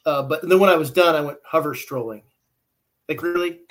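A man co-hosting a casual fishing podcast, ranting with animated energy and laughing often. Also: on the high side, fairly quick. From US Northwest. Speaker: podcast co-host. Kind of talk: casual chat.

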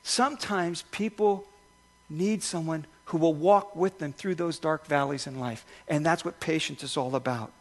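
A male pastor giving a conversational sermon, telling stories with lively restarts and asides. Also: on the high side, normal speed. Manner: conversational, animated storytelling with restarts. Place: church sanctuary.

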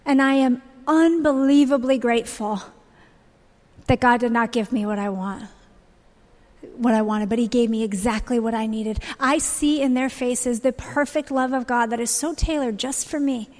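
A woman in her thirties tells her story in an earnest, heartfelt way, her voice sitting a little high. The sound carries a long reverb from a large church auditorium. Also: fairly even intonation, normal speed, a little mellow. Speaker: speaker sharing a testimony. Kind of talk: church testimony talk.

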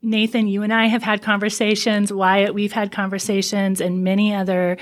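A woman's voice: medium pitch, level tone. Earnest woman trauma counselor. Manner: earnest, slows down to stress points. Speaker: trauma counselor and center founder. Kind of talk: casual podcast interview.

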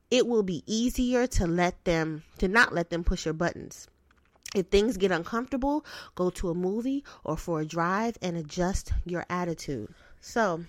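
A woman's voice: fairly high pitch, dry recording. A young woman hosting a podcast, giving blunt, profane, streetwise advice in a casual way. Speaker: podcast host.

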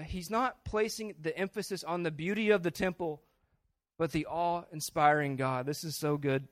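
A man preaching a sermon as pastor, earnest, swelling louder on key phrases. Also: on the high side, steady tone, moderate pace, no echo.

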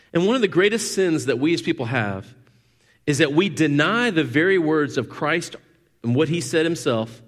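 A man preaching a sermon, animated, rising to loud emphatic peaks and dropping to quiet asides. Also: medium pitch. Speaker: pastor.

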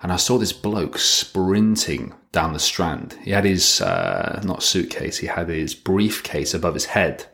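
Male podcast host, thirties, very low voice, dry and chatty monologue. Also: animated, unhurried, vocal fry, few pauses, fairly bright tone. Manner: wry, chatty, rambling. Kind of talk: casual solo podcast monologue.

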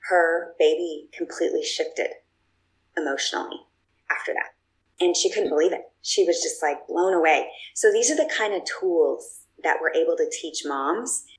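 In a rough recording, a low-voiced woman appears as a guest, chatting casually through personal stories with plenty of fillers and restarts.

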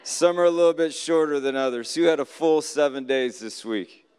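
A man delivers a relaxed, story-driven sermon to a congregation and keeps asking them questions. He slips into the voices of the people in his stories. His voice is smooth and clear, and it rings out in a hall with a long reverb. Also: a little high, moderate pace. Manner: storytelling, acts out quoted voices, asks the audience questions. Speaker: preacher giving a Shabbat teaching.

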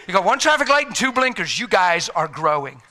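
A man delivers a storytelling sermon in a church room, his voice high and piercingly bright. He swings widely in pitch, acting out the voices in his stories and sometimes sinking to a hush. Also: a little fast. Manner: animated, acts out dialogue, drops to near-whisper. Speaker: preacher.

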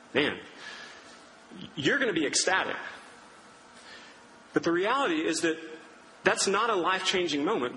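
Young pastor, conversational sermon; bright tone, echoey hall. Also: male voice, a little high, slight background noise. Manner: conversational, storytelling with acted-out quotes. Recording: reverberant hall with faint ambience.

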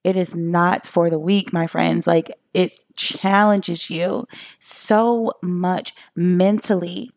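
A woman's voice: lowish voice, fairly even intonation, slow, gravelly, darkish tone. Chatty, emphatic woman podcast host. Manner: chatty and emphatic, addresses listeners directly. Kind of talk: solo podcast monologue.

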